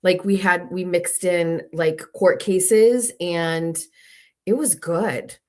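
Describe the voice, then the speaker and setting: Casting note: woman, low voice, unscripted rambling livestream host, chatty and unpolished. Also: fairly even intonation, takes it slowly. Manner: rambling, loose, with many fillers and restarts. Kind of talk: casual livestream chat. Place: at home.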